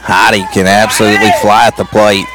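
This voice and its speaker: A man calling a softball game play by play on a live broadcast, getting excited and climbing in pitch on big plays. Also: crowd noise. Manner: rapid excited calls, pitch jumps high on big plays. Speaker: play-by-play announcer.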